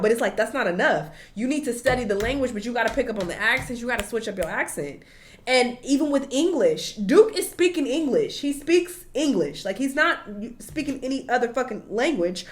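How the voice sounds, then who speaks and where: A woman talking casually and animatedly as she reacts to a clip, with a loose, swear-dotted delivery. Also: on the high side. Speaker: reaction video host.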